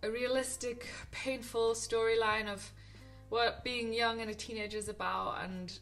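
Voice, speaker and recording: A woman's voice: fairly high pitch, fairly even intonation, normal speed, a bit bright, faint music behind. A young woman casually talking about favourite films, chatty and gushing, with frequent ums and restarts. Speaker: film vlogger. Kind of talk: casual film recommendations to camera.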